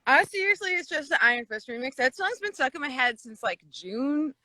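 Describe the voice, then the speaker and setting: A woman guesting on a phone livestream, laid-back and quick to laugh as she rambles. Her voice is bright and slightly high, with lively swings in pitch and a close, dry sound. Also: dry recording. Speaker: guest musician. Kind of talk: casual livestream chat. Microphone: phone video stream.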